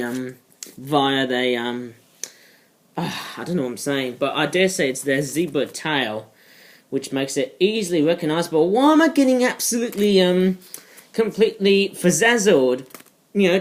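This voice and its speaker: A toy reviewer in a casual vlog, rambling off topic with many ums and uhs. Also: mid-range voice. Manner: rambling, digressive, many fillers.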